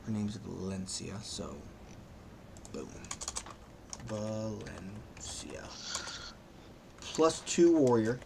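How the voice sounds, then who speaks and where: A man's voice: on the low side, very animated, slow pace, creaky, noisy background. A man running a tabletop game as game master, narrating casually and thinking aloud.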